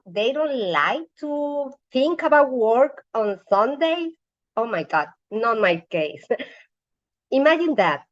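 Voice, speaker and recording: A woman speaks on a team call with eager enthusiasm, pausing often and filling gaps with "uh." She talks very slowly in a slightly high voice. The sound is dull and lo-fi. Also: a bit bright. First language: Spanish. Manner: eager, halting, many fillers. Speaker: sales agent on a team call. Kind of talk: enthusiastic testimony.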